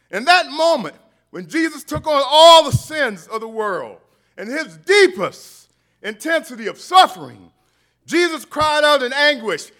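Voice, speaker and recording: A man preaching a fervent sermon in a strikingly high, bright voice. His delivery swings widely in pitch and rises to shouted refrains that call on the congregation. He takes his time, with faint music underneath. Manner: impassioned, builds to shouted refrains with call-and-response.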